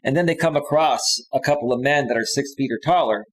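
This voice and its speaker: A middle-aged man hosts a live stream as a dating coach, his voice sitting in a middle pitch. He tells stories with animation and gets louder and higher when reading messages aloud. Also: fast, poor audio. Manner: animated storytelling, reads messages aloud in a raised voice.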